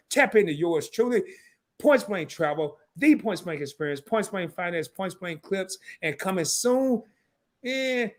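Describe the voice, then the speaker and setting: Slangy upbeat man hosting a live stream. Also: a little high. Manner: loose slangy banter, quick asides to viewers. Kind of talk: casual live stream sign-off.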